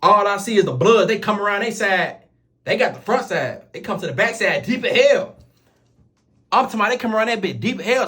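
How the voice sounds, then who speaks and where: Fast-talking Chicago man telling a story. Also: high voice. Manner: rapid, animated street slang with repeated oaths. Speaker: storyteller vlogger. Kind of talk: casual storytelling.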